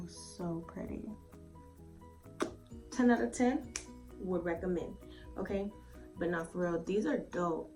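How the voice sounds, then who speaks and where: A woman giving a casual, rambling review at home, swearing freely and filling her speech with "like" and "um". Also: mid-range voice. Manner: chatty, swears freely, lots of "like" and "um". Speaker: beauty vlogger. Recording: slightly distant mic with faint music.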